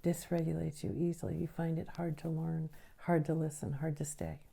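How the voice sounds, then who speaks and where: A woman teaching a recorded lesson on the nervous system, explaining patiently and often checking in with a quick question. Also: sits low, little pitch movement, vocal fry, dark tone, breathy edge.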